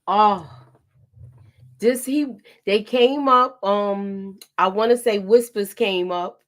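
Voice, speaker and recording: A woman's voice: mid-range voice, slow. Easygoing woman co-host, casual recap talk, some hesitant fillers. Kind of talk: casual movie recap chat.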